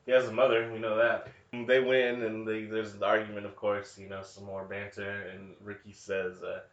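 Sardonic guy in his 30s, lowish voice, swears a lot, echoey lo-fi podcast sound. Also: level tone, moderate pace. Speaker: podcast co-host. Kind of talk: casual movie review chat. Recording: echoey room, dull lo-fi sound.

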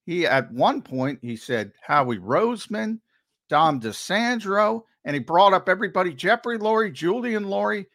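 A man's voice: high-pitched, lively intonation, normal speed, vocal fry, fairly bright tone. A man co-hosting a sports talk show, talking emphatically and repeating words for stress. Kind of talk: heated sports talk commentary.

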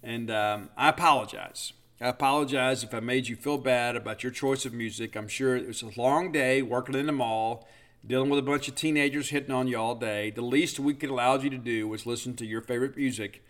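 A man's voice: mid-range voice, fairly even intonation, fairly quick, fairly bright tone. Guy in his fifties rambling through an old story on his podcast, lots of uhs, pokes fun at himself. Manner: rambling, self-deprecating, many fillers. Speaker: podcast host. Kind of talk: casual storytelling monologue.

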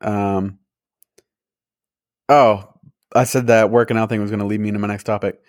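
Young male podcast co-host, relaxed rambling chatter, low pitch, dry booth sound. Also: normal speed, no room sound. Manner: rambling, many "like" fillers, laughs easily. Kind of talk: casual chat.

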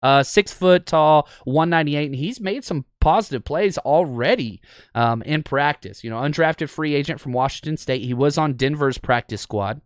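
A man's voice: fairly high pitch, normal speed, smooth, no echo, studio quality. A man hosting a sports podcast, talking casually and with enthusiasm, with lots of ums and uhs. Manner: chatty, enthusiastic, frequent fillers. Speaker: podcast host.

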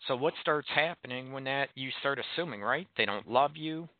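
A man's voice: mid-range voice, moderate pace, no echo. Blunt male host, tinny phone-like sound. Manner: frank, blunt, poses rhetorical questions to listeners. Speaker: relationship advice show host. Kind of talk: call-in radio talk show monologue.

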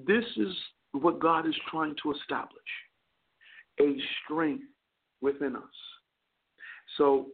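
A male chaplain hosting a call-in radio show, preaching earnestly and often stammering over repeated words. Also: on the high side. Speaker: chaplain and talk radio host. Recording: narrow phone-line broadcast sound.

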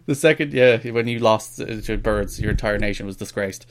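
A man's voice: on the low side, fairly quick. An Irish man co-hosting a podcast, chatting casually and teasing his co-host with playful banter. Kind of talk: joking casual chat.

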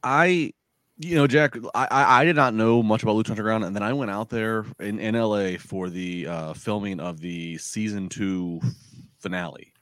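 A man's voice: lowish voice, moderate pace, a bit bright, clear, resonant tone, no echo. A man co-hosting a wrestling podcast, talking casually in long rambling turns with many restarts. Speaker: podcast co-host.

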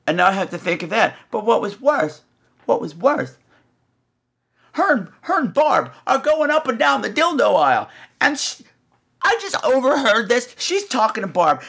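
A man's voice: very high voice, moderate pace, vocal fry, husky. A man hosting a podcast, telling a comic story and swooping in and out of voices. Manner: animated, swoops into voices and gasps. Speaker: podcast host.

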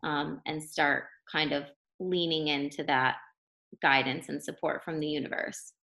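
A young woman talks casually as a podcast guest, chatty and easygoing. Her voice sits a little low for a woman, and her speech is full of "like"s. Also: fairly even intonation, a little slow, vocal fry, pushed and bright. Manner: chatty, many fillers like 'like'. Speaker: podcast guest, life coach. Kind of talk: casual interview chat.

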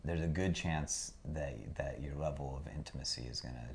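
Super deep-voiced guy co-hosting a relationship podcast, calm and measured, keeps agreeing and adding on. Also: slight background noise. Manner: measured and affirming, building on his partner's points. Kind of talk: casual chat.

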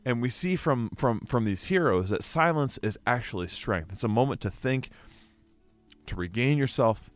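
A man co-hosting a casual book club chat, earnest and quick to laugh. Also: medium pitch, faint music behind. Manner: earnest, animated, laughs easily. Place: indoor studio with mics.

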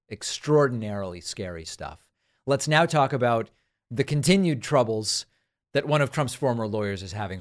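A man hosting a political talk show, delivering an emphatic commentary monologue and repeating phrases for stress. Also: medium pitch.

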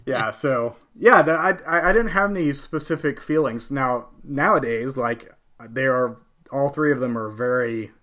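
A man co-hosting a podcast, chatting casually with frequent pauses and restarts. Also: medium pitch, fairly bright tone. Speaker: podcast co-host.

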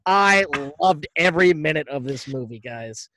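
A man co-hosting a podcast, casually retelling a movie plot in a rambling, profane way and tossing off quick impressions of the characters. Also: a little high, expressive, sharp tone, slight background noise, rough recording. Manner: rambling, profane, acts out quotes loosely. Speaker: podcast co-host. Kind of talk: casual movie recap chat.

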